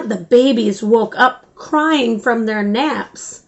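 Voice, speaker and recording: An older woman hosting a children's story time, reading a picture book aloud in an animated, sing-song way. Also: fairly high pitch, takes it slowly. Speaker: storyteller host.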